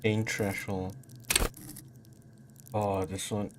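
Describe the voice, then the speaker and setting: A man streaming a game, giving soft-spoken, low-key commentary. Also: little pitch movement, extremely slow, heavy background noise. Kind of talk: casual let's play commentary.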